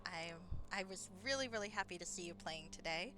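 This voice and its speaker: A woman's voice: on the low side, expressive, brisk, music in the background. A woman streamer giving chatty, self-deprecating live commentary on a fantasy computer game, laughing often as she talks.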